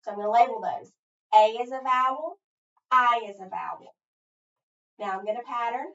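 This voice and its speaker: A woman teacher giving a phonics lesson, thinking aloud step by step and pausing so listeners can finish her sentences. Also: fairly high pitch, fairly bright tone. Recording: echoey, distant, dull sound.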